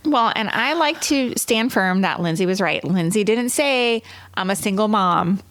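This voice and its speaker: A woman co-hosting a podcast, blunt and opinionated in casual chat and quick to laugh. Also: mid-range voice, animated, fairly bright tone, dry recording. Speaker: podcast co-host. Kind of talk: casual chat recapping a reality show.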